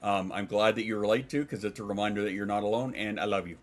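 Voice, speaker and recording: A man's voice: fairly low pitch, steady tone, quick pace. A man streaming from home, chatting casually and rambling, swearing and reading out chat messages.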